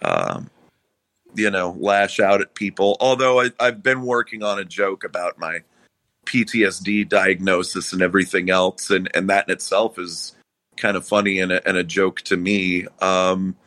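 Bright-voiced profane comedian man. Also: deep voice, fairly even intonation, moderate pace, dry recording. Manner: profane, rambling, self-mocking. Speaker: comedian guest. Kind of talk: casual interview chat.

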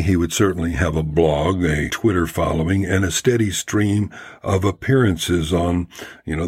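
A man's voice: sits low, slightly rough, no echo, studio quality. A man hosting a podcast, telling a biographical story in a wry, conversational scripted narration. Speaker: podcast host.

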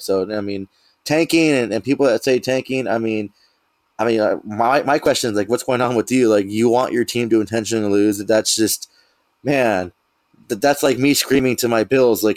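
Male co-host, lower pitch, dry mic, earnest casual delivery. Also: fairly quick, no echo. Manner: earnest, repeats himself, casual. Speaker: podcast co-host. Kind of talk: casual sports chat.

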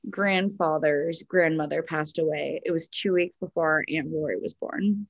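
A woman's voice: on the low side, no room sound, lo-fi sound. A woman co-hosting a podcast in a casual chat, reading out a listener's story with lots of giggles, "like" and "um". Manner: giggly, filler-heavy, lots of "like" and "um". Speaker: podcast co-host.

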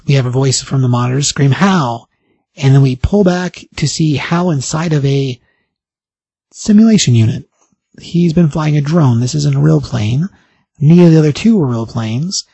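A man hosting a podcast, casually recapping a comic book story in an animated way, briefly acting out the characters' lines. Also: a little high, gravelly, husky, no echo. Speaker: podcast host.

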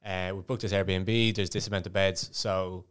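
Low-voiced Irish man, casual podcast chat. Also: flat delivery, moderate pace, clean tone. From Ireland. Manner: laughing, swearing, storytelling. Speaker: podcast co-host.

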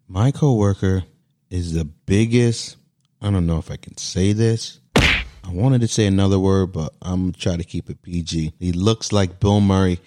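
A man telling a comic story from his bedroom, exasperated and animated, acting out his own lines in mock dialogue. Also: low voice, moderate pace, soft background music. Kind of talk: comedic storytelling monologue.

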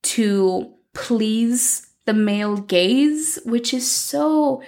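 A woman's voice: fairly high pitch, lively intonation, drawn-out words, a little mellow. A woman recapping a telenovela in a chatty, opinionated way, full of "like". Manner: chatty, opinionated, uses "like" a lot. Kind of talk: casual recap.

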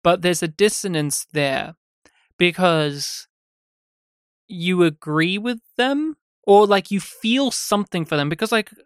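A man co-hosting a podcast, casually reviewing a film with animated, sweary retellings of scenes. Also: high voice, slow, clean tone, no echo, studio quality. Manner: animated, sweary, acts out scenes in quoted voices. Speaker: podcast co-host.

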